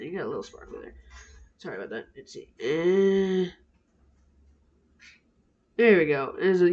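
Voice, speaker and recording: A woman chatting playfully to herself while building a craft project, often dropping to soft murmurs. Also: on the low side, highs cut off. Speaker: craft vlogger. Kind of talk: casual narration while crafting. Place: indoors at a craft table. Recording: roomy echo.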